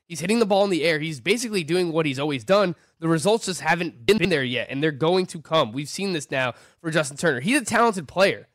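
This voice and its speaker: A man co-hosting a fantasy baseball podcast, talking through player stats in an animated, argumentative casual chat. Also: fairly high pitch, brisk, hardly any pauses, no room sound. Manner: animated, argumentative, stat-heavy. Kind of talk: casual sports analysis chat.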